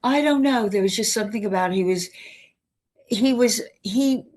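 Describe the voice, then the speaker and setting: A woman's voice: mid-range voice, normal speed, darkish tone. An older woman, an interview guest, telling stories animatedly and acting out the dialogue with frequent restarts. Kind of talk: storytelling in conversation.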